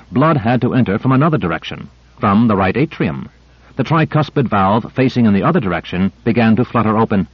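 Steady male audiobook narrator, lo-fi. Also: fairly low pitch, breathy edge, dry recording. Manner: steady, measured reading. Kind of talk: scripted narration.

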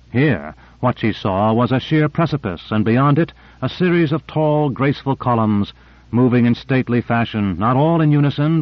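A man reads a novel aloud in a measured, even narrator's voice. The recording is dry and close, with a slightly dull, muffled tone. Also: mid-range voice, no room sound. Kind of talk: audiobook narration.

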